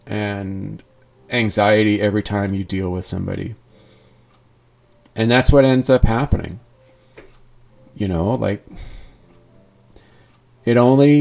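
A man speaking candidly in a personal monologue, earnest and rambling, often restarting his sentences. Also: on the low side.

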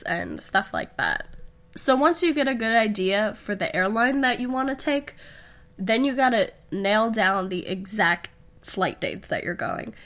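A woman's voice: mid-range voice, pushed and bright. Sick young woman with a nasal voice. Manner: chatty and upbeat, with fillers and small laughs. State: sick with a stuffy nose. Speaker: podcast host. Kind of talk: casual solo podcast talk.

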